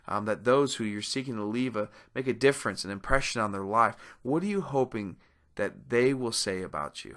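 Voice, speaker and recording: A man's voice: mid-range voice, bright, forceful tone. A man presenting a motivational webinar, speaking earnestly and posing rhetorical questions to his listeners.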